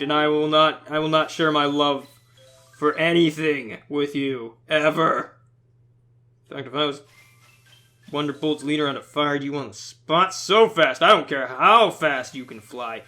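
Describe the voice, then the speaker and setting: A man giving casual, rambling game commentary, ranting and scolding in an animated way. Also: on the high side, moderate pace. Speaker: let's-play host.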